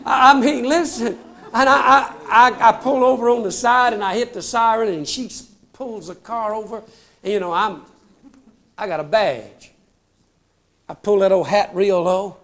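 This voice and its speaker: A man's voice: high voice, normal speed, a bit bright. An older man telling comic stories on stage in a folksy, self-mocking way, often calling the crowd "folks". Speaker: comedian telling trooper stories. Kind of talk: stand-up storytelling.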